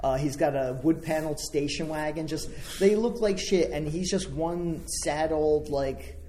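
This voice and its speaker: A man's voice: on the high side, unhurried, warm tone, slight background noise, low-quality recording. A man telling a profane, meandering story in casual chat. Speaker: stand-up comedian.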